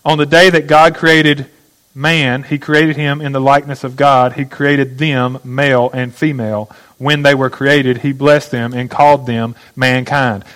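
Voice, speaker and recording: A man's voice: fairly high pitch, a bit bright, low-quality recording. A man preaching a sermon, teaching step by step and asking his listeners questions. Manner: teaching, asks the audience questions. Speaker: pastor.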